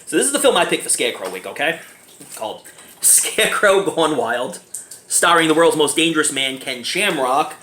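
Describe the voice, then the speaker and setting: A man giving a casual movie review, animated and giggly, keeps breaking into laughter. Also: fairly high pitch, moderate pace. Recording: echoey room, faint background noise.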